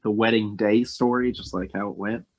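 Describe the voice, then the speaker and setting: A man's voice: lowish voice, fairly even intonation, normal speed, a little mellow. A young man co-hosting a podcast, talking casually and hesitantly with many fillers. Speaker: podcast co-host. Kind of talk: casual chat. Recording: dull lo-fi sound.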